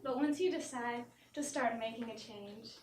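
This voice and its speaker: A woman's voice: a little high, normal speed. A young woman comedian on stage doing a mock-earnest self-help talk, giggling between lines, heard from far off in a noisy, echoey theater. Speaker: stand-up comedian. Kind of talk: parody motivational talk on stage. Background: audience laughter.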